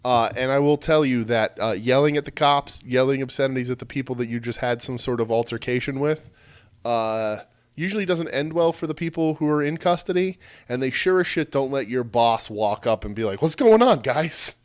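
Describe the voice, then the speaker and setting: A man's voice: medium pitch, brisk, clear, resonant tone. A man co-hosting a podcast, chatting casually and joking about wrestling, rambling and swearing freely. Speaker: podcast co-host.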